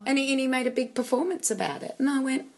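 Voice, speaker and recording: A woman's voice: high voice, fast talker, a little mellow, a little hiss or hum. A woman, co-hosting a casual chat and telling anecdotes with quoted dialogue. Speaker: podcast co-host. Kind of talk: casual chat among friends.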